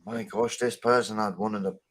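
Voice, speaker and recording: A man's voice: fairly low pitch, steady tone, brisk. A man in casual panel banter, joking around and swearing often as he tells a story. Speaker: podcast panelist.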